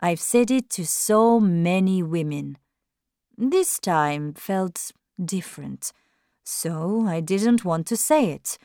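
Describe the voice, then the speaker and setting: A gentle, charming Frenchman speaks softly and in a low key, as a woman reads his lines. He talks slowly, with a lively, shifting pitch. The recording is dry and close. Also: dry recording. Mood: earnest.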